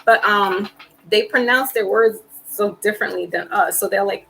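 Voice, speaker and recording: A woman's voice: medium pitch, moderate pace, gravelly, noisy background. A woman giving a casual tarot card reading, chatty and rambling as she talks straight to her viewers. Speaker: tarot reader.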